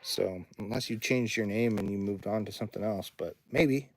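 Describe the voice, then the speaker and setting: A man's voice: on the low side, normal speed. Rambling male studio owner on livestream. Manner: rambling, reads viewer comments aloud. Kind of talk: casual livestream chat. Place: home recording studio.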